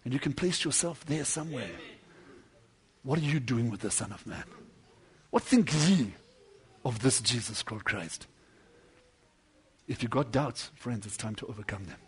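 A man preaching a sermon, telling a story with dramatic swings between loud declamation and hushed low passages, acting out the lines of the people in it. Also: expressive, moderate pace, pauses often, breathy edge. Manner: acts out quoted dialogue within the story.

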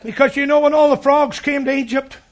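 Preacher man, really high voice, fired up storytelling sermon, shouts now and then. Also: fairly even intonation, fairly quick. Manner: fervent, rising to shouts.

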